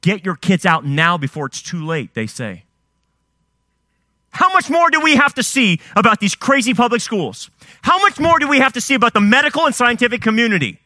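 A man's voice: very high voice, very animated, brisk, pushed and bright, dry recording, clean studio sound. A man preaching a sermon, firing off rhetorical questions and swinging his emphasis up and down. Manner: fiery rhetorical questions, rising and dropping emphasis.

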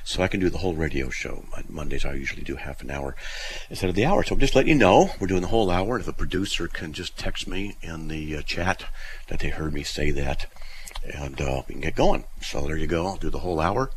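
Deep voiced radio guy rambling on his call-in show, lots of ups and downs, bit of hiss. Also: expressive, normal speed. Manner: rambling, chatty, many fillers and restarts.

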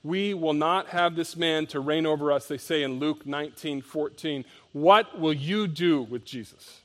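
A man preaching a sermon as pastor, reading scripture aloud and explaining it with emphatic rises and soft drops. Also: on the high side, a little slow.

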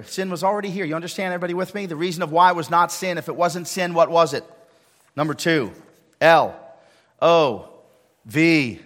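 A male pastor giving a sermon, swinging between hushed lines and loud emphatic ones. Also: medium pitch. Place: church sanctuary. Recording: long hall reverb.

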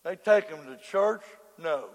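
A man preaching a hellfire sermon, dropping to hushed murmurs and then breaking into fervent shouts. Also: on the high side, animated, measured pace. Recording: long reverb of a large hall.

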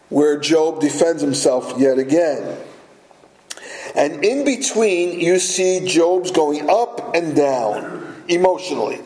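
A man's voice: on the high side, warm tone, echoey room, poor audio. A man preaching a sermon as a pastor, earnest and repeating key phrases for emphasis.

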